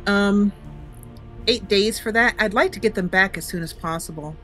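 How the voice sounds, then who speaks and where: A woman's voice: mid-range voice, normal speed, a bit bright, faint music behind. A woman hosting a let's-play, chatting casually as she thinks aloud, with frequent hesitant fillers and small chuckles. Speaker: gaming channel host.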